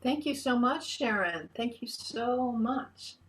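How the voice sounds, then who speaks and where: A woman's voice: a little high, animated, slow. A woman minister giving an online sermon, earnest and encouraging, often restarting her phrases. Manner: leads the congregation in a call-and-response chant.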